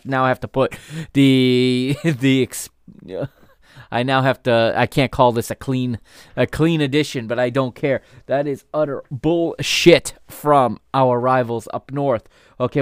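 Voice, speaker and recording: A man's voice: medium pitch, dry recording, clean studio sound. Heated man ranting on a podcast. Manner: heated, ranting, swears, laughs in disbelief. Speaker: podcast host. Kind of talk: opinionated sports podcast rant.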